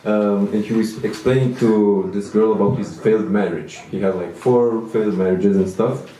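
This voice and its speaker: A man's voice: lowish voice, steady tone, normal speed, dark tone, far from the mic, slight background noise. A man in his thirties doing a stand-up comedy set, self-deprecating and rambling with restarts, in a small venue. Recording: echoey room, mic from afar.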